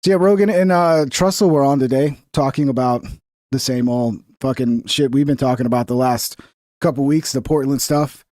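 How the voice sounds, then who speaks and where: A man's voice: medium pitch, normal speed, dark tone, no echo, clean studio sound. A young man hosting a casual livestream, talking bluntly and sarcastically with lots of swearing. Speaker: streamer reacting to news.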